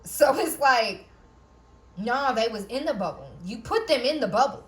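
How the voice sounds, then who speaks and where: A woman's voice: fairly high pitch, expressive, normal speed, a bit bright. A woman giving a casual spiritual tarot reading, who keeps checking in with "okay?", laughs often and swears now and then. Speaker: tarot reader.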